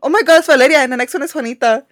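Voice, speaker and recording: A woman's voice: high-pitched, no room sound. Self-conscious young woman, dry close sound. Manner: laughs easily, self-conscious, reads slowly and carefully. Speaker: podcast co-host. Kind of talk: casual chat.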